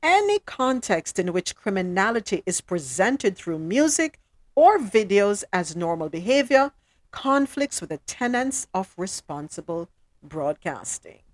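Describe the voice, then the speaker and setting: Lively Jamaican woman, dry close sound. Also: mid-range voice, a little slow, dry recording. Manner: animated, emphatic, drops into patois. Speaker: podcast co-host. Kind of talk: casual news commentary.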